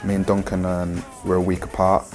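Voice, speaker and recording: Deep-voiced young man telling stories animatedly. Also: brisk. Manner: animated, laughing storyteller. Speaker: pop band member. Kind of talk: interview talk. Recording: music clearly playing behind. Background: clear music.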